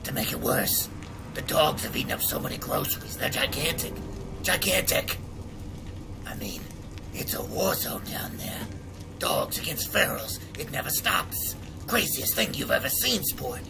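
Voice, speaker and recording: A man voicing a paranoid old male trader who lives in the sewers, talking excitably and repeating words with rising alarm in game dialogue. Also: medium pitch, measured pace, over music, full character voice. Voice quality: gravelly.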